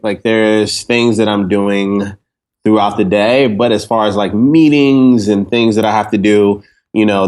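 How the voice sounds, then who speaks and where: A man talking casually as an interview guest, relaxed and rambling with lots of fillers. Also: on the low side. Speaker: interview guest, startup CEO.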